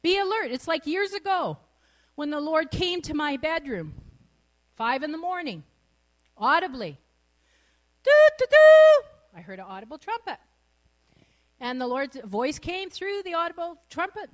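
Brief: middle-aged woman preacher, high voice with wide swings, bubbly and quick to laugh. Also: expressive, a bit bright. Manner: exuberant, laughs often mid-sermon. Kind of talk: sermon.

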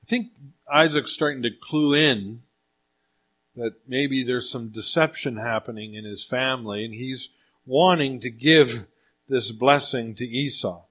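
A man preaching a sermon, retelling a scripture story in an animated way and often changing his pace. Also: fairly high pitch. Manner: animated storytelling, speeds up and slows down. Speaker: pastor.

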